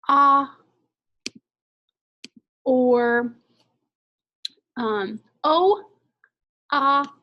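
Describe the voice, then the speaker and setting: A woman teaching young children over an online lesson, her voice sitting a little high. She speaks slowly, stretching out vowel sounds so the children can hear them. Her delivery is patient and deliberate. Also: a bit bright, lo-fi sound. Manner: slow, clear, exaggerated vowel sounds. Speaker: second grade teacher.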